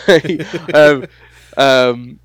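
A man with a North London accent, chatting candidly as a guest on a podcast, swearing freely and throwing in quick asides. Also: on the high side, smooth, no room sound, studio quality. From England. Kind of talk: casual podcast chat.

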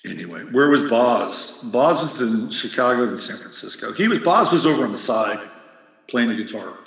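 A man's voice: mid-range voice, expressive, normal speed, gravelly, fairly bright tone. Rambling, profane man in a reverberant room. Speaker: podcast host. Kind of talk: casual monologue. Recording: roomy with long reverb.

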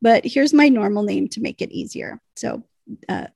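A woman co-hosts a podcast, chatting casually and reading listener emails aloud, often breaking into laughter. Her voice is a little high and creaky, a little mellow with a breathy edge, at a normal speed. The recording is dry.

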